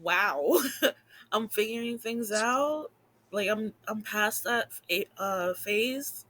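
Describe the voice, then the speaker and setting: A woman in her thirties, a podcast co-host chatting in a relaxed, upbeat way with lots of fillers. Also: on the high side, takes it slowly. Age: 30s. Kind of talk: casual chat.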